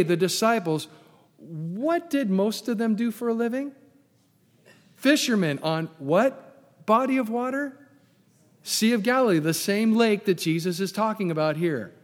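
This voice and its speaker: A man's voice: high-pitched, big-room sound. A man preaching a sermon as pastor, emphatic, repeating key phrases and putting questions to the congregation.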